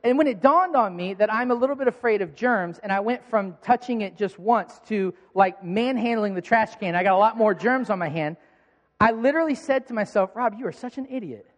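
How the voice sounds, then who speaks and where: High-voiced pastor in an echoing hall. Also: male voice, fairly quick. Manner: storytelling, self-mocking, lively. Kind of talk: sermon. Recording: long hall reverb.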